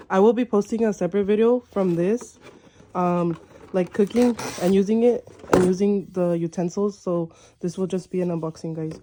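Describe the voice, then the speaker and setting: A young woman vlogging an unboxing, gushing with excitement and saying "oh my gosh" and "like" constantly. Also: fairly low pitch, brisk, slight background noise. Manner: gushing, breathless, lots of "like" and "oh my gosh".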